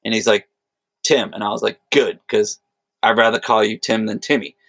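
A man's voice: fairly low pitch, fairly even intonation, normal speed, vocal fry, fairly bright tone, dry recording. A man casually telling a rambling, profane story in conversation. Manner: rambling anecdotes with profanity and quoted voices. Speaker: podcast co-host.

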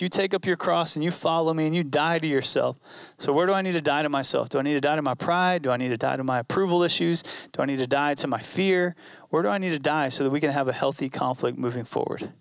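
A man's voice: a little high, fairly bright tone, no echo, clean studio sound. A man preaching a sermon in an earnest, conversational way, repeating key phrases. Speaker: pastor.

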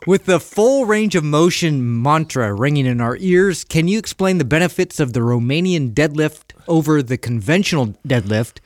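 A man reads listener questions aloud on a podcast in a brisk, upbeat manner. His voice sits a little high. The recording is close and dry. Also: lively intonation, dry recording.

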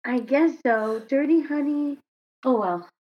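This podcast co-host has a high-sitting voice and an unhurried delivery. Chatting casually, she rambles and keeps correcting herself, captured in slightly dull lo-fi audio.

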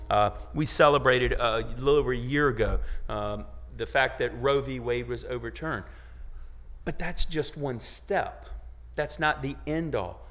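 Bright-voiced preacher in a reverberant hall. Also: male voice, mid-range voice. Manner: conversational preaching with many rhetorical questions and restarts; swings from quiet asides to loud exclamations. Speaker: pastor. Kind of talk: sermon.

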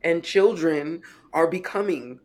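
A woman in her forties, a guest author on a podcast, telling stories in a lively way and acting out quoted voices. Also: low-pitched, a little slow. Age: 40s. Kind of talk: podcast interview storytelling.

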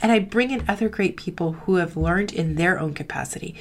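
A woman's voice: fairly low pitch, a little fast. A middle-aged woman who coaches marketing students, speaking candidly in a heartfelt motivational talk, with a lot of "like" in her speech. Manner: candid, confessional, frequent "like", acts out quoted voices.

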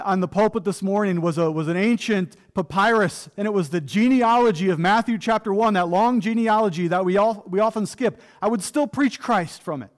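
A man's voice: sits high, brisk. A pastor preaching a sermon from the pulpit, earnest and emphatic, with rhetorical questions to his listeners. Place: church pulpit.

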